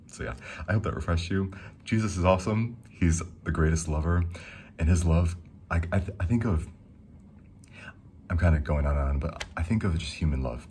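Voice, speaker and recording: Young man, extremely low voice, relaxed rambling devotional chat, faint hiss behind. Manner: reads scripture slowly. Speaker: Christian speaker. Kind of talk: casual devotional talk.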